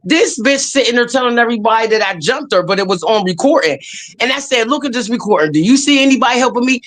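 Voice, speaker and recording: A woman guest in casual chat, telling blunt, profane stories in a lively way. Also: a little high, fast.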